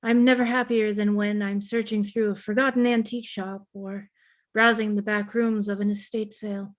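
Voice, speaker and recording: A woman's voice: medium pitch, little pitch movement, normal speed, lightly acted. A woman voicing a fussy, bookish male antiquarian who talks formally and stammers. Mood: haughty. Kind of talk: tabletop role-play in character.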